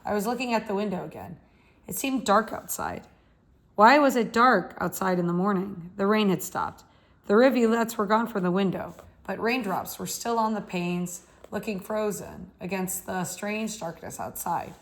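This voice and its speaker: A woman's voice: medium pitch, animated, normal speed. Woman reading a novel aloud. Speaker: audiobook reader.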